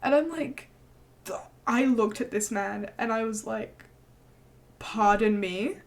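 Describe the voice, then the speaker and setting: Speaking a little high, unhurried and creaky, a young female streamer recounts a story in casual chat. She's lively, curses freely and performs other people's lines.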